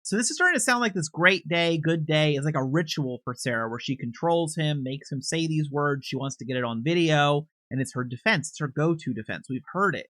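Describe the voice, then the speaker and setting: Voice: medium pitch, a little fast, hardly any pauses, a bit bright, dry recording, clean studio sound. A commentator casually recapping video footage in a conversational, hedging way, with frequent restarts and unsure asides.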